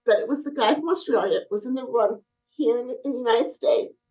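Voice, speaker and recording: A woman's voice: a little high, brisk, poor audio. A middle-aged woman, a podcast guest who owns a brace company, telling stories in casual conversation and acting out the dialogue of the people in them. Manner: animated, acts out quoted dialogue. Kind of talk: casual interview storytelling.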